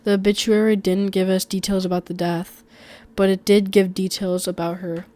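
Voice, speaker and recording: A woman's voice: medium pitch, flat delivery, normal speed, mellow. A woman reading a first-person horror story aloud in a conversational way, with small slips and restarts.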